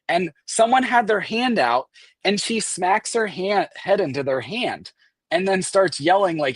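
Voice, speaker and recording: Animated man telling a story, dry sound. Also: high voice, moderate pace, no echo. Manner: animated, acts out quoted voices, swears. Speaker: guest recounting an event. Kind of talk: casual storytelling.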